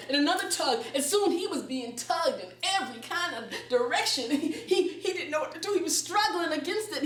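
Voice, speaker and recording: Lady telling folktales at the library, playful, mic kinda far, echoey room. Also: sits high. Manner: playful and expressive, laughs through the telling. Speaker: storyteller and educator. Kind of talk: folktale storytelling to a live audience. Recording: roomy, distant mic, faint background.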